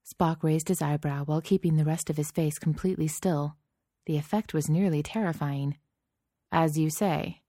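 A woman's voice: low voice, steady tone, a little fast, mellow, no room sound, clean studio sound. A woman reading a story aloud in a wry, conversational narrating voice. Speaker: reader. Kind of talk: reading fan fiction aloud.

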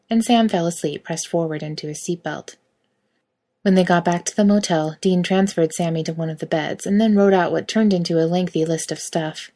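A woman reading a story aloud in steady, quiet narration. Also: fairly low pitch. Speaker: reader.

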